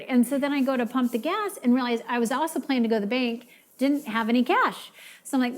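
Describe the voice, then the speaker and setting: A woman's voice: a little high, brisk. A woman co-hosting a marriage course, telling a personal story and acting out quoted voices. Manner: lively, acts out quoted voices. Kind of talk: storytelling to an audience.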